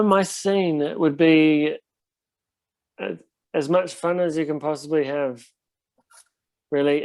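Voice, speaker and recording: Young NZ male muso, rambling anecdotes, slightly high voice, dry close sound. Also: no room sound. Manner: laid-back, rambling storyteller with many fillers. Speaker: touring band musician. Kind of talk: casual interview chat.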